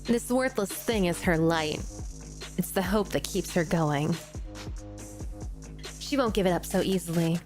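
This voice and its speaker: A woman's voice: fairly low pitch, a little slow, pauses often, darkish tone, soft background music, pitched below the performer's own voice, natural voice. A woman voicing a ruthless young female soldier from a game story, speaking in a grim, threatening way. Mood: cold, menacing.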